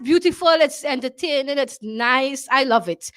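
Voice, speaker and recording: Woman, Trinidadian accent, talk show host, high voice, emphatic, repeats phrases. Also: moderate pace, a bit bright. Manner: emphatic, repeats phrases, asks "you understand?".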